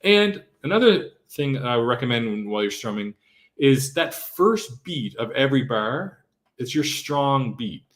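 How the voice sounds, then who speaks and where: A man's voice: mid-range voice, lively intonation, unhurried. Casual man teaching guitar strumming. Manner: casual, repeats "okay?", counts beats aloud. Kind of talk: live-streamed guitar lesson. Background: his own acoustic guitar strumming.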